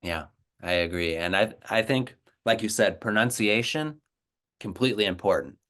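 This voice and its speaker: A man's voice: fairly low pitch, lively intonation, normal speed, fairly bright tone. A man from the United States, a native English speaker, talking earnestly and encouragingly with his co-host about learning languages. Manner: earnest, encouraging, repeats words. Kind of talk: casual conversation.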